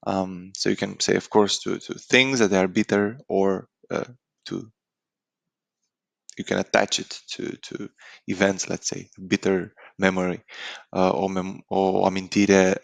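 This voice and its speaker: A man with a Romanian accent teaching a language lesson in a relaxed, hesitant way, full of fillers and restarts. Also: sits low, unhurried, vocal fry, dry recording. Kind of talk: casual spoken lesson.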